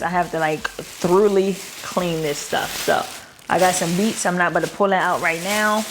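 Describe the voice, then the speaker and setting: A woman's voice: medium pitch, fairly bright tone, a little hiss or hum. Chatty Baltimore woman vlogging. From Baltimore, Maryland. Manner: chatty, addresses viewers as "girl" and "y'all". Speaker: lifestyle vlogger. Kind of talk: casual vlog chat.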